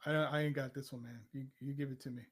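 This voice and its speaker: A man co-hosting a casual live stream, slangy and joking as he guesses movie quotes out loud. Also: medium pitch, fairly even intonation, rapid-fire, husky. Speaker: co-host.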